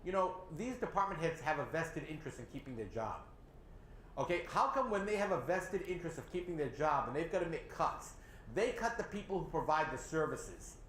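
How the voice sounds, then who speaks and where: Animated, sarcastic New England man. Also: fairly high pitch, a little fast. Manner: animated, sarcastic, mocks others in put-on voices. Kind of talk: opinionated local politics discussion. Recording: echoey room with faint ambient noise.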